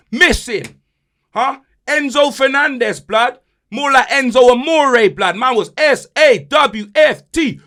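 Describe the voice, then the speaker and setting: Animated man ranting. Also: very high-pitched. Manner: loud, boastful, mocking, heavy slang. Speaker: podcast host. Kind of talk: animated football banter.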